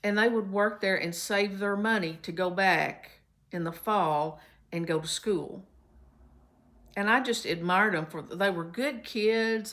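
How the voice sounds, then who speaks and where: A woman from Kentucky, telling a chatty, folksy story to her viewers. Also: mid-range voice. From Kentucky, USA. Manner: folksy, chatty, warm storytelling with many fillers. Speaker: vlogger. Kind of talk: casual storytelling to camera.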